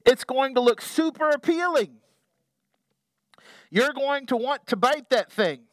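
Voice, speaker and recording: A man voicing a gleeful fisherman who shouts mock-menacing threats down at the fish, loud and taunting. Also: extremely high pitch, animated, a little slow, no echo, pitched above the performer's own voice, full character voice.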